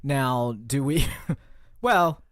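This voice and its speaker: A man's voice: medium pitch, lively intonation, drawn-out words, fairly bright tone, smooth, dry recording, studio quality. A man co-hosting a casual comedy podcast, rambling through absurd made-up stories with a joking manner. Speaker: podcast co-host.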